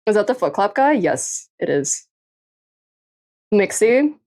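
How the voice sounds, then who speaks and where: A woman's voice: mid-range voice, big pitch swings, slow, darkish tone. A woman livestreamer chatting casually late at night, tired and a little tipsy, giggling often and swearing freely as she rambles. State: tired and tipsy after drinking.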